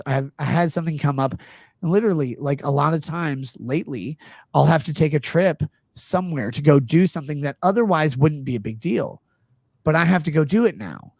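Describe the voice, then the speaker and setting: A man's voice: fairly high pitch, expressive, fairly quick, a little mellow, dry recording, studio quality. A man in his thirties hosting a casual live-stream chat, earnestly and defensively explaining himself at length. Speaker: show host.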